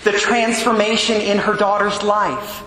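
Male Catholic priest, Gospel and homily; high voice, conversational, emphatic; recorded in a big reverberant church. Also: little pitch movement, unhurried, pushed and bright. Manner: conversational, emphatic, keeps asking the listeners "right?". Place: large echoing church. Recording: echoey church hall with long reverb.

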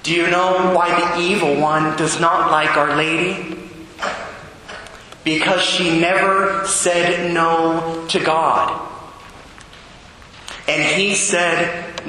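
A man's voice: a little high, flat delivery, very slow, pauses often, bright, forceful tone, slight background noise. A man giving a homily to schoolchildren, asking them questions as he teaches. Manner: asks the listeners questions as he teaches. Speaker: preacher teaching students. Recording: roomy echo, long reverb.

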